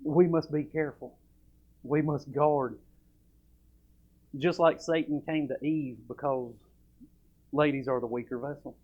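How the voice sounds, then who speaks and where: A man preaching a sermon at a church service. He talks in a folksy, emphatic way and reads old scripture aloud. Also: medium pitch. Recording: dull lo-fi church recording.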